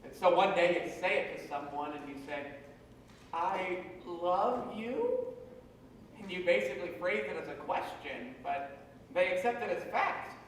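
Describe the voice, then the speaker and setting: A man's voice: a little high, brisk, slight background noise, natural voice. A wistful, chatty man obsessed with an old cast record, as an actor plays him, confiding in a rambling way. His voice carries from far off across an echoey theatre. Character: wistful, chatty middle-aged musical fan. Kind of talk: stage monologue to the audience.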